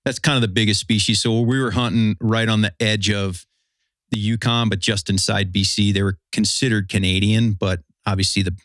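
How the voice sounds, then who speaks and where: A man hosting a podcast, telling a hunting story in relaxed, casual chat. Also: on the low side, a little fast, no echo, clean studio sound. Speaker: podcast host.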